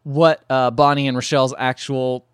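A man co-hosting a podcast, casually recapping a movie and acting out the characters' lines in a lowered voice. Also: moderate pace, clean tone, no room sound, studio quality. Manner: animated retelling, acts out quotes in lowered voices. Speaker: podcast co-host recapping a film. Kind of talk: casual chat.

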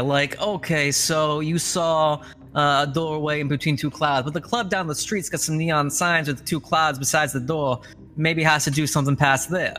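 Man, tabletop player, fairly high bright voice, hesitant, filler-heavy, faint music. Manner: loose and hesitant, full of fillers. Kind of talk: casual in-character game talk.

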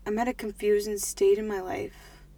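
A woman's voice: mid-range voice, steady tone, normal speed. Twenties woman, casual podcast co-host, thinks aloud, plenty of "like". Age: 20s. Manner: chatty, lots of "like", thinks out loud.

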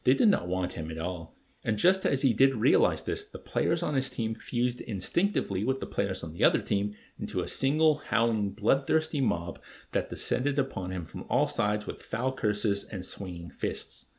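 A man reading a novel aloud as narrator with expressive, dry storytelling. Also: fairly low pitch, moderate pace, hardly any pauses. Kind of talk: audiobook reading.

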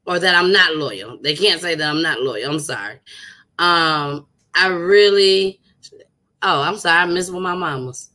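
A young woman talks casually to her podcast listeners, heartfelt and chatty, circling back over her words for emphasis. Her voice is bright and forward, and she takes her time, drawing out phrases at an unhurried pace. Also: on the low side. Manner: chatty, repetitive, heartfelt, uses dialect. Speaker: podcast host. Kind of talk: casual chat.

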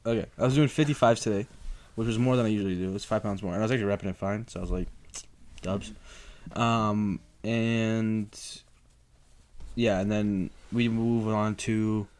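A young man co-hosting a podcast, calmly recounting his workout in casual chat. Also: on the low side, moderate pace. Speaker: podcast co-host.

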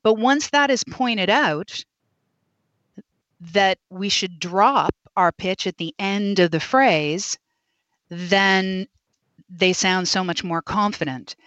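A woman's voice: mid-range voice, slow pace, a bit bright, dry recording. A woman guest, a speech-language pathologist, talking emphatically and expressively in an interview. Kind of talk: interview conversation. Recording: dull lo-fi dry sound.

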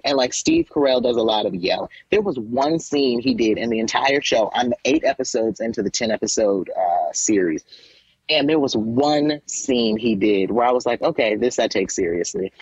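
A man co-hosting a podcast, rambling through a casual, animated retelling and slipping into mocking quoted voices. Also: medium pitch, husky, no room sound, lo-fi sound. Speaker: podcast co-host. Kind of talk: casual chat.

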